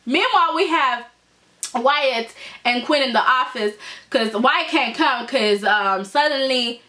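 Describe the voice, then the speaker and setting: A woman with a high, bright voice gives a casual video review, talking right to her viewers. She is animated and profane, and she often checks in with a quick "okay?". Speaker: soap opera reviewer.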